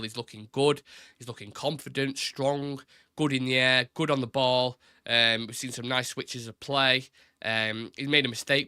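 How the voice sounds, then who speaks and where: Chatty man with a bright voice. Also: medium pitch, dry recording, clean studio sound. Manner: chatty, repeats words, says "innit", reads chat aloud. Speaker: live stream host. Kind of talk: casual live-stream football chat.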